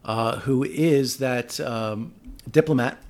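A man co-hosting a casual political talk show, speaking in a measured way with frequent "uh" pauses. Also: mid-range voice, darkish tone. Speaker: podcast co-host.

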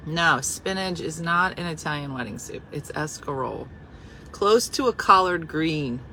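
A woman hosting a casual chat, talking animatedly and dropping into hushed asides. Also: sits low, lively intonation, unhurried, a little hiss or hum, poor audio. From New Jersey. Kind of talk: casual chat reacting to comments.

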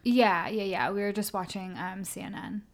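A woman's voice: medium pitch, fairly even intonation, normal speed, a crowd in the background. A young woman co-hosting a podcast in casual chat, talkative, laughing often and full of fillers. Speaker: podcast co-host.

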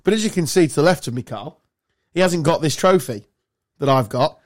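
A man's voice: a little high, animated, a little fast, no room sound, studio quality. A man co-hosting a podcast, telling loose, sweary, laughing stories in casual banter. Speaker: podcast co-host.

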